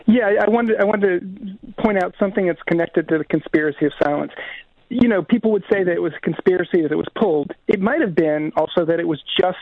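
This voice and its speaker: A filmmaker speaks over a tinny phone line during a radio interview. He explains things earnestly and fluently. His voice sits high for a man and sounds dry. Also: fast, no room sound. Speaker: guest filmmaker.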